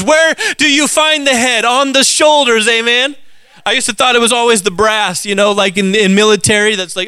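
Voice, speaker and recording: A man preaching an Easter sermon, calling out questions to the congregation and rising to shouts. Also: very high-pitched, fairly even intonation, moderate pace, clean tone, dry recording.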